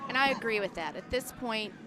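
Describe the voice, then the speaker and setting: A woman giving calm live analysis as co-commentator at a curling match. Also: on the high side, a little fast, noisy background.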